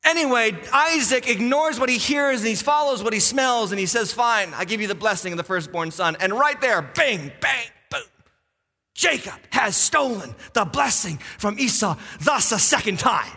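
A man from western Massachusetts preaches with a high, bright voice, acting out each character as he tells the story. His delivery is lively and animated. The sound rings with the long reverb of a large church hall. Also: moderate pace. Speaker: pastor. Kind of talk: sermon. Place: church sanctuary.

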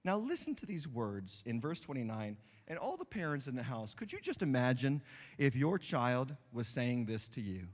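A man preaching a sermon as pastor, moving between quiet, hushed asides and loud, emphatic preaching. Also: mid-range voice, sing-song, normal speed. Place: church sanctuary. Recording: church hall with long reverb.

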